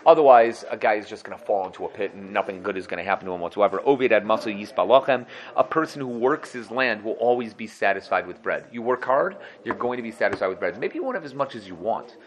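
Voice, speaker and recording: A yeshiva teacher gives a casual Torah lesson in a low-leaning voice with lively intonation. He speaks quickly and conversationally, acting out his students' excuses and laughing at his own jokes.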